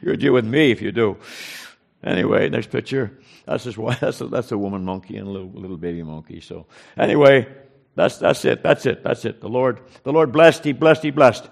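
Gravelly-voiced guy preaching, walks folks through his mission trip slides, repeats himself a lot. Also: mid-range voice, animated, a little fast. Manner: earnest storytelling, repeats phrases, often restarts. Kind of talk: informal mission report to a congregation.

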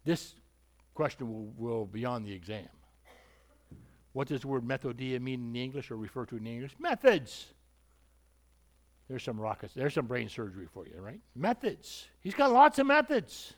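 A man's voice: medium pitch, sing-song, normal speed, long pauses. A male preacher giving an emphatic sermon, repeating points and asking rhetorical questions.

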